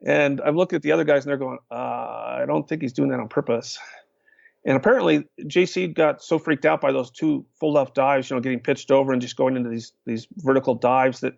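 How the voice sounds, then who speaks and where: Speaking fast with hardly a pause, this older man's creaky, mid-range voice carries his lively podcast-guest storytelling, full of acted-out quotes and frequent "uh"s. There's no echo, though the audio sounds dull and lo-fi.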